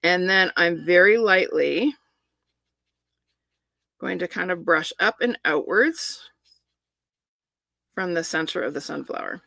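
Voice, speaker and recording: A woman's voice: on the low side, slow, vocal fry, pauses often, pushed and bright, no echo. A middle-aged woman chatting enthusiastically while showing a crafting project step by step. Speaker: papercraft demonstrator. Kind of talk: live crafting demonstration.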